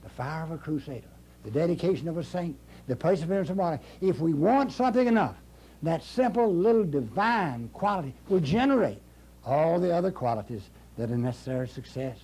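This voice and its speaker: Old guy preaching success to a room, folksy, hammers his points, soft mellow voice. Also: a little high, animated, brisk, breathy edge. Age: older. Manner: folksy, emphatic, repeats key phrases. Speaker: motivational speaker. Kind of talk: motivational speech to a live audience. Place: speaking to an audience in a room.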